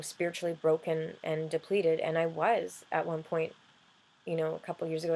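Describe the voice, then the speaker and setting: A woman talking earnestly in a personal vlog, halting and restarting often as she explains her life with a chronic illness. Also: deep voice, a little mellow, low-quality recording. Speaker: vlogger and music artist.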